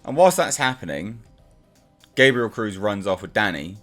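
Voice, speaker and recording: A man's voice: lowish voice, big pitch swings, normal speed, fairly bright tone, faint music behind. A man reviewing a comic book in a casual, exasperated and sarcastic rant.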